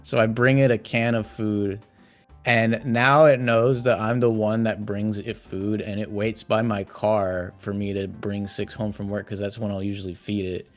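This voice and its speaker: A man's voice: fairly low pitch, little pitch movement, normal speed, soft background music. A man in casual chat on a stream, laid-back and swearing a lot.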